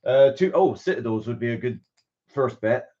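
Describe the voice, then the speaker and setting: A man's voice: medium pitch, lively intonation, normal speed, warm tone. A man with a West Country accent, chatting casually and laughing often on a board game live stream. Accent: West Country English. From West Country, England. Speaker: board game reviewer, guest. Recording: dull lo-fi stream audio.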